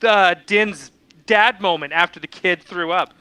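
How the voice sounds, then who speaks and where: A man's voice: sits high, measured pace, sharp tone, smooth. A man chatting casually with a wry, joking manner. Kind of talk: casual chat.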